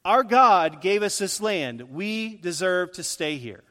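A preacher voicing a bold biblical male warrior-leader who argues forcefully and a little mockingly. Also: high-pitched, expressive, slow pace, in a large hall, heavily acted.

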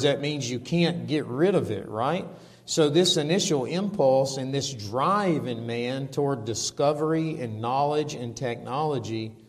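A man preaching a sermon and reading scripture aloud, slow and emphatic. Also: medium pitch, a little mellow. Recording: long reverb of a large hall.

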